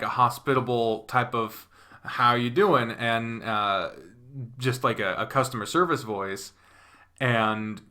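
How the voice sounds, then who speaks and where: Bright-voiced Southern American man, profane. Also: mid-range voice. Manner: profane, rambling, self-questioning. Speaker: panel guest. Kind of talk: casual chat.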